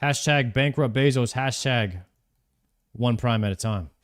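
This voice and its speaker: A man's voice: mid-range voice, unhurried. A man streaming a video game live, chatting casually and thanking viewers by name.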